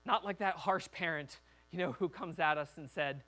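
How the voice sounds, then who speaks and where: A man's voice: fairly high pitch, normal speed, pushed and bright. A man preaching a sermon as a pastor in a church, talking conversationally and acting out quoted voices.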